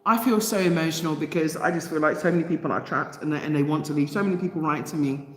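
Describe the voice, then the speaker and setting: A woman with a low-pitched voice talks fast, hosting an emotional livestream where she reads out viewer comments. Impassioned and direct, she speaks straight to her audience, and the recording has a roomy echo with long reverb.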